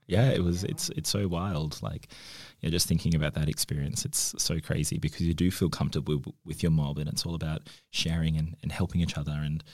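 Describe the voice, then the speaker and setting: A man's voice: rumbling low, fairly even intonation, fairly quick, hardly any pauses, no echo. A young man telling personal stories openly and with feeling, as a guest on a podcast. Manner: open, emotional storytelling. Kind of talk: casual conversation.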